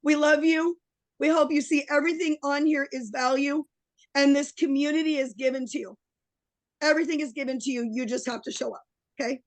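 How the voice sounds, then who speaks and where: A woman's voice: sits high, steady tone, fairly quick, no echo, poor audio. A middle-aged woman coaching on a webinar, giving an impassioned, emotional pep talk with a voice worn from daily streaming. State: losing her voice. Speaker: online business coach.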